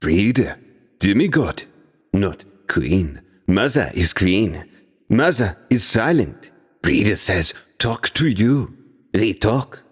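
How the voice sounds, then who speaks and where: A man's voice: fairly low pitch, big pitch swings, slow, breathy edge, long reverb tail, pitched above the performer's own voice, exaggerated voice. A man doing a German-accented insect demon soldier. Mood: insistent. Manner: clipped broken phrases. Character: insect-headed demon soldier, chittering, blunt.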